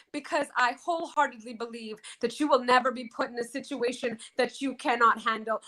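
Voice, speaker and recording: Interview guest: woman, high and bright, emphatic storyteller who stresses key phrases. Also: steady tone, a little fast, hardly any pauses. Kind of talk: emotional personal storytelling.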